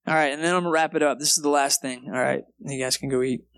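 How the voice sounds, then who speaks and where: In a church sanctuary, a pastor delivers a sermon in a relaxed, chatty style, tossing in "man" and "okay" often. His medium-pitched voice is clear and resonant, fairly even in intonation, and he talks fast. The live recording has loud guitar playing behind him, heard as soft guitar music.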